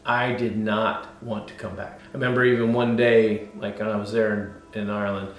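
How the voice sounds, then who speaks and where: A man, a pastor, telling his life story in a casual interview, animated and swinging between loud bursts and hushed, quiet moments. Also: lowish voice, moderate pace, roomy sound.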